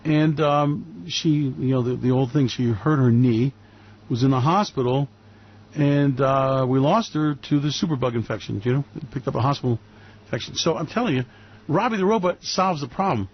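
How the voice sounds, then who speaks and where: A man's voice: medium pitch, moderate pace, breathy edge, dull audio. Rambling emphatic male radio host. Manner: rambling, emphatic, many fillers and restarts. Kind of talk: opinionated monologue.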